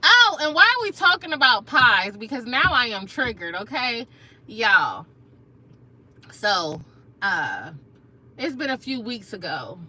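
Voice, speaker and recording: A woman hosts a casual live stream, reading comments aloud in a playful, slangy way. Her voice sits a little high and comes across bright and forceful. She sounds like she is in her thirties. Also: big pitch swings, takes it slowly, low-quality recording. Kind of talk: casual chat.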